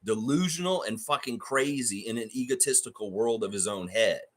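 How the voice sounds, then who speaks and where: A man's voice: fairly low pitch, moderate pace, a bit bright. A man hosting a fan reaction livestream, ranting in a heated, profane, mocking way.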